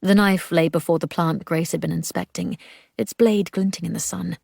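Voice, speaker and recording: A woman narrating an audiobook in a measured, steady storytelling manner. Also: lowish voice, creaky, breathy edge, dry recording, studio quality. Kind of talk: scripted narration.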